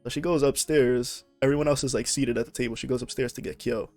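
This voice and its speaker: A man's voice: medium pitch, steady tone, fast, a little mellow, faint music behind. A man hosting a casual chat, swearing freely and acting out quotes as he retells scenes. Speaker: podcast host.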